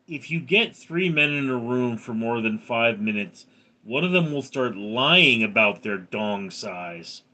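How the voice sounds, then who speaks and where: Slow, bright-voiced man in his thirties. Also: mid-range voice, animated. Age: 30s. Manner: reads viewer names and answers with crude jokes. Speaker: live streamer. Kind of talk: casual live-stream chat.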